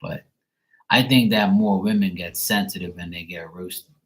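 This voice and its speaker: A man chatting casually to camera, rambling and swearing freely in a relaxed way. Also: sits low, moderate pace, poor audio. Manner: rambling, profane, laid-back. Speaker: tarot reader, channel host.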